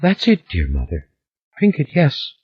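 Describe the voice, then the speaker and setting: A man's voice: medium pitch, huge pitch swings, unhurried, breathy edge, muffled recording, voice pushed up, full character voice. A male audiobook narrator voicing a tall, tearful girl who pleads like a child. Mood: tearful pleading.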